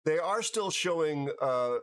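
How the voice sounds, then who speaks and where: A tired older American man hosting a casual livestream chat, rambling and halting with many restarts and fillers. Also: fairly high pitch, expressive. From United States. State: tired from no sleep. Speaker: livestream host.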